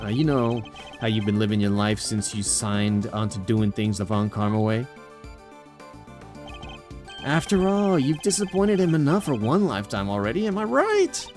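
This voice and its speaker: A man's voice: lowish voice, darkish tone. A man voicing a cheeky male investigator with a brash, jokey way of talking.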